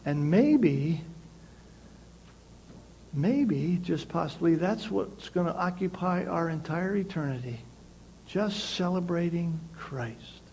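A male pastor preaching a sermon, emphatic and repeating key phrases, with swings between loud passages and quiet ones. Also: fairly high pitch, animated, slow, gravelly, slight background noise, poor audio.

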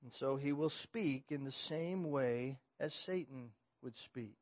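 A man preaching an expository sermon, dropping to hushed, low emphasis and then rising to loud proclamation. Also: slow pace, no room sound, muffled recording.

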